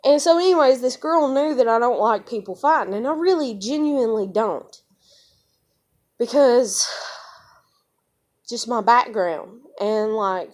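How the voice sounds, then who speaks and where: High-voiced, blunt woman. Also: a little mellow. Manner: blunt, heavy swearing, many fillers. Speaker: vlogger. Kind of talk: casual storytelling to camera.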